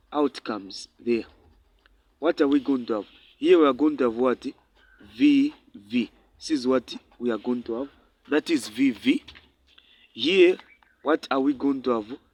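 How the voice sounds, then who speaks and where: Slow, deliberate male maths tutor. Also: mid-range voice. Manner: asks rhetorical questions and answers them himself; repeats numbers slowly while writing. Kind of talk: maths lesson at a board.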